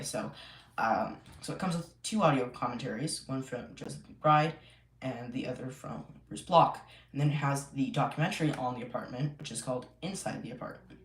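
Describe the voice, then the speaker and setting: A man chatting casually on a live stream from home, rambling with many fillers and restarts. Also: mid-range voice. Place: home room. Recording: echoey room, faint noise.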